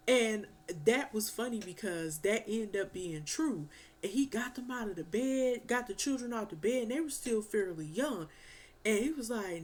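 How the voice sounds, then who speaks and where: Woman reviewer, casual and animated, loose slangy storytelling. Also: a little high, moderate pace. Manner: animated, slangy, swears and laughs. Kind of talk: casual film review chat.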